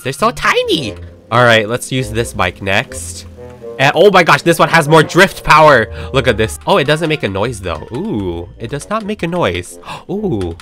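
A young man showing off a game update, talking excitedly and gasping and squealing often. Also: mid-range voice. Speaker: gaming YouTuber.

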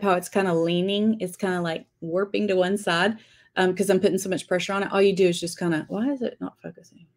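A woman teaching a live-streamed lettering class, chatting and greeting viewers by name as she writes. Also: medium pitch.

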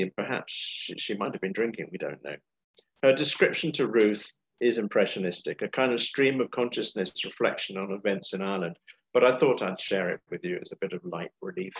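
A man giving an illustrated history lecture from his slides, with wry, unhurried commentary. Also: on the low side, poor audio.

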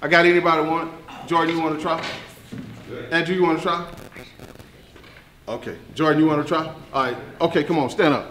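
A man's voice: a little high, fairly even intonation, fairly quick, long pauses, a bit bright, slight background noise. A man leading a group activity in a casual classroom, joking and coaxing people to try. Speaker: instructor. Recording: echoey room with group chatter.

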